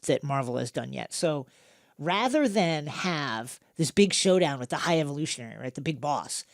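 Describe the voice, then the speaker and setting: Male podcast host, gravelly voice, dry studio sound, animated recap chat. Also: a little high, moderate pace, dry recording. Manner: animated storytelling with fillers. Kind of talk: casual film recap chat.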